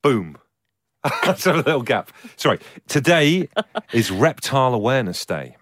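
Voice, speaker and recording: A man's voice: mid-range voice, sing-song, unhurried, fairly bright tone, no echo, clean studio sound. A man co-hosting a podcast, chatting in an easygoing, wry way and reading out fun facts. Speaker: podcast co-host. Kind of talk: casual chat.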